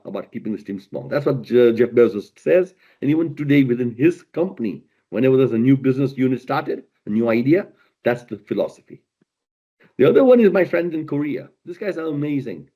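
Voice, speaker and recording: A middle-aged man delivers a motivational keynote. He drives home each point by repeating the key words, in a voice of ordinary pitch for a man. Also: dark tone. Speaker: keynote speaker.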